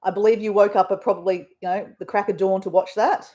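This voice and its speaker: A woman's voice: medium pitch, steady tone, fast, dark tone. An Australian woman hosting a casual live stream, chatting in a rambling way with her viewers. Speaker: livestream host.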